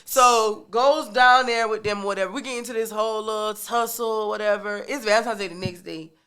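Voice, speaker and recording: Bright-voiced woman telling a story. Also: mid-range voice, smooth. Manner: animated, drawn-out storytelling with casual slang. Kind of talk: casual storytelling chat.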